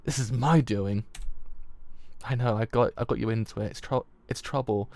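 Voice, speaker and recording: Guy reading a scheming schoolgirl, quick and plain, kinda gravelly. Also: medium pitch, fairly even intonation, darkish tone, a little hiss or hum, lightly acted.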